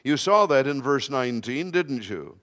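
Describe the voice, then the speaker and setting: A man preaching a sermon to a congregation in a slow, emphatic way with touches of light humor. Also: mid-range voice, animated, fairly bright tone, big-room sound.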